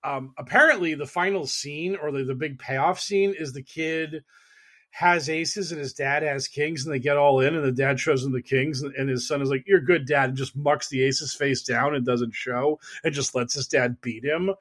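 A man co-hosting a podcast, telling stories in animated casual chat, laughing and swearing freely. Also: mid-range voice, moderate pace. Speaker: podcast co-host.

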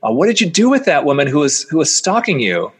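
A middle-aged man, a plastic surgeon, telling a story in an animated way and acting out the voices of the people in it. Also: fast, breathy edge. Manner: acts out quoted voices, rises sharply in pitch when incredulous.

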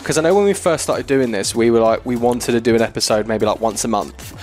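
A man's voice: medium pitch, fast talker, a little mellow. A young man co-hosting a podcast in casual chat, laddish and swearing freely. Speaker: podcast co-host.

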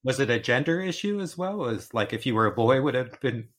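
A man's voice: medium pitch, lively intonation, quick pace. A man co-hosting an interview who asks curious, attentive questions. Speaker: co-host. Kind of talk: casual interview chat.

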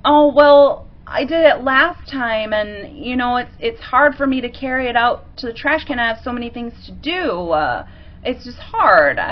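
A woman's voice: a little high, expressive, a little slow, muffled recording. A woman voicing a whiny, overwhelmed partner who plays the helpless victim, complaining and hesitant.

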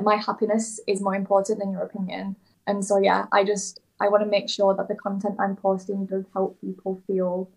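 Young guest, earnest and rambling, vocal fry, level delivery, video call. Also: female voice, medium pitch, darkish tone, low-quality recording. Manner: rambling, heartfelt, many fillers and restarts. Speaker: podcast guest. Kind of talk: candid interview talk. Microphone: remote video call.

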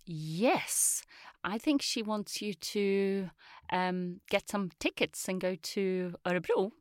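A woman's voice: mid-range voice, slow pace, no echo, clean studio sound. Woman teaching a lesson. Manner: patient, explanatory, playful. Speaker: Swedish teacher. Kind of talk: language lesson chat.

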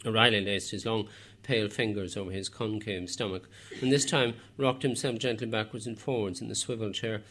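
A man narrates a novel in a measured, even storytelling voice. His pitch sits on the low side, and he drops in the odd wry aside to the listener. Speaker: audiobook narrator. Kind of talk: scripted narration.

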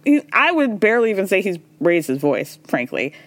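Very animated and fairly quick, this woman's medium-pitched voice comes through with no room sound. She recaps reality TV on a casual podcast, cursing freely, tossing in "y'all" and "girl," and acting out scenes by voicing the dialogue.

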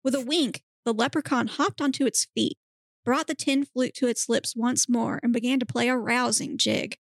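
Deadpan woman reading a story aloud, gravelly. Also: a little high, normal speed, no echo, studio quality. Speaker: podcast host reading aloud. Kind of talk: dramatic reading of erotic fiction.

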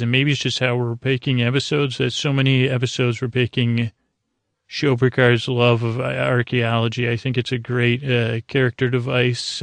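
A man's voice: mid-range voice, gravelly, dry recording. A man hosting a podcast, recapping an episode in a casual, rambling way with playful asides. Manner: rambling, with frequent ums and restarts. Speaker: podcast host.

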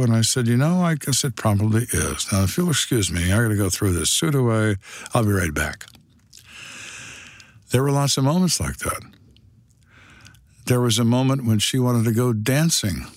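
A man's voice: medium pitch, animated, normal speed, long pauses, no room sound. An older man, a retired detective, telling stories from his life in a dry, matter-of-fact way. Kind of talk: storytelling monologue.

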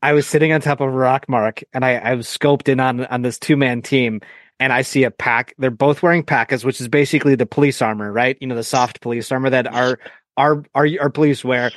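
A man talking as a podcast guest, telling animated stories, acting out quotes and swearing freely. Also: mid-range voice, brisk, no room sound. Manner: animated storyteller, acts out quotes, profane. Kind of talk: casual podcast chat.

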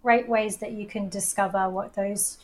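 A woman's voice: mid-range voice, fairly even intonation, moderate pace, darkish tone, a little hiss or hum, poor audio. An Australian woman coach speaks as a podcast guest in a mid-range voice. She explains with confident enthusiasm and an easy flow. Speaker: coach and presenter.

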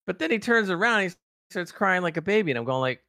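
A man's voice: sits high, animated, fast talker, sharp tone, no echo, clean studio sound. A man co-hosting a casual podcast review, speaking emphatically and with exasperation as he hammers on what he dislikes. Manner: emphatic and exasperated, pounding on flaws. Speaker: podcast co-host reviewing a TV episode.

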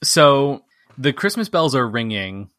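A man's voice: medium pitch, very animated, slow, a bit bright, dry recording. A man co-hosting a podcast who recaps a film scene by scene in casual chat, peppered with "like". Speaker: podcast co-host.

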